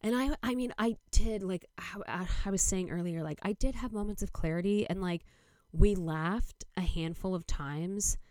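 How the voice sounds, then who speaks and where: A woman's voice: mid-range voice, normal speed, a little mellow, no echo, clean studio sound. A young adult woman hosting a podcast, telling a long story in a rambling way, full of "like" and quoted dialogue. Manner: rambling, heavy use of "like", quoting others. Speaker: podcast host. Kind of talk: casual storytelling monologue.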